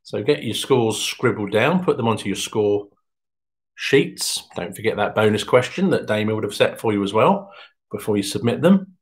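A man's voice: lively intonation, normal speed. Chatty quiz host, man. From England. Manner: chatty, jokey, pitch jumps up when announcing. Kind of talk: online quiz hosting.

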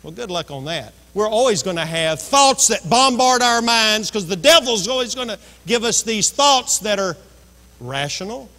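A man's voice: sits high, animated, moderate pace, sharp tone. A man preaching a sermon as pastor, telling a story and acting out the voices in it. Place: church sanctuary. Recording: long reverb of a church hall.

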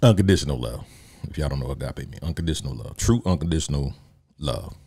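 A man's voice: extremely low pitch, animated, fast, dark tone, husky, dry recording. A man hosting a solo podcast, talking casually in a joking, rambling way and laughing often. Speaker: podcast host.

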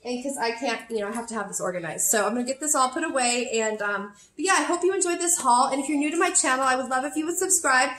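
A woman's voice: high voice, fast talker, few pauses, fairly bright tone. A woman in her forties vlogging a shopping haul in casual, chatty talk full of fillers, a little out of breath. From California. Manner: chatty, bubbly, lots of fillers. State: slightly out of breath. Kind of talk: casual chat to camera. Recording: echoey room.

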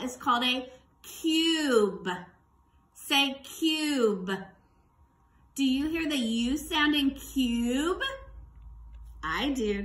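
Slow, high-voiced kindergarten teacher woman. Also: pushed and bright, roomy sound. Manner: slow, clear, sing-song teacher talk with call-and-response prompts. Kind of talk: distance-learning workbook lesson for young children.

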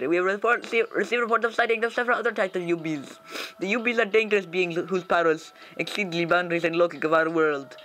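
A man doing a soft-spoken female police chief. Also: sits high, a little hiss or hum. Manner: soft, measured and formal. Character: composed female chief of a secret police unit.

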